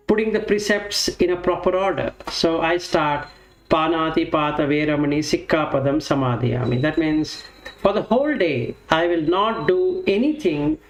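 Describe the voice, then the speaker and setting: A man giving a reflective teaching talk on Buddhist practice, explaining step by step and asking and answering his own questions. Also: high voice. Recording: roomy echo with faint music.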